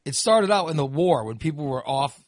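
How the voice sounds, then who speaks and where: A man hosting a podcast, chatting casually and ranting with animated, profane energy. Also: on the high side, fairly quick, dry recording, studio quality. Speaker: podcast host.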